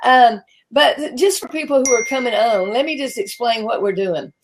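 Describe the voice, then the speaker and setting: A woman's voice: fairly high pitch, normal speed, noisy background. A woman in her sixties with a Southern American accent, hosting a live-streamed talk show in a chatty, self-deprecating way with frequent restarts. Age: 60s. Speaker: host.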